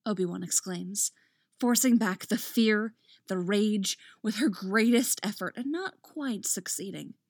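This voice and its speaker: A woman reading a fan fiction story aloud as narrator, steady and expressive. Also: mid-range voice, measured pace, dry recording, clean studio sound.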